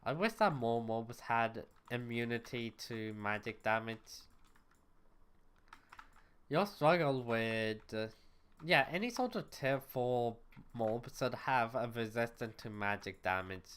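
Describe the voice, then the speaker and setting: Smooth-voiced man ranting on a game stream. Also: medium pitch, lively intonation, a little slow, fairly bright tone. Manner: rambling, blunt, swears, exasperated. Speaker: VTuber streamer. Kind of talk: casual gaming livestream chat.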